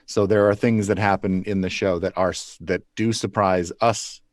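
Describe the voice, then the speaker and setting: Man, very deep voice, dry close sound, rambling interview answers with chuckles. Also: steady tone, normal speed, no room sound. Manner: loose, rambling with restarts and chuckles. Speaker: puppeteer guest.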